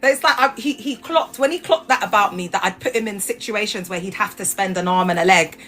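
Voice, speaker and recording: A woman chatting casually to viewers on a livestream, animated and laughing, her voice jumping up high when she gets excited. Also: fast talker, soft background music. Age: adult with grown children. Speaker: livestream host. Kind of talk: casual chat.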